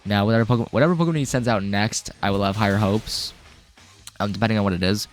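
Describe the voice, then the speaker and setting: A man's voice: on the low side, quick pace, soft background music. Chatty man narrating a game. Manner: rambling, chatty, self-correcting. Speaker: game walkthrough host. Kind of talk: casual gameplay commentary.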